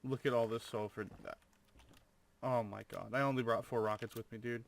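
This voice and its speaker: A man's voice: mid-range voice, fairly even intonation, normal speed, gravelly, slight background noise. A young man commentating his own gameplay, full of over-the-top amazement and swearing. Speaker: gamer.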